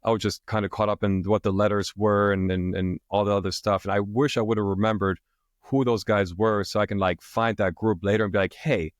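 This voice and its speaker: A man with a fairly low voice shares a story on a podcast in a relaxed, casual way, often checking in with his listener. He grew up in Germany. The sound is dry and close. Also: fairly quick, no room sound. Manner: relaxed, animated, tags lines with "right?". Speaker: podcast guest, author.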